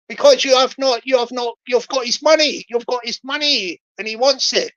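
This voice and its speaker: A woman's voice: fairly high pitch, moderate pace, few pauses, muffled recording. A woman hosting a playful livestream, joking, repeating herself and greeting viewers by name. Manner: jokey, repetitive, greets viewers by name, laughs often. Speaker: livestream host.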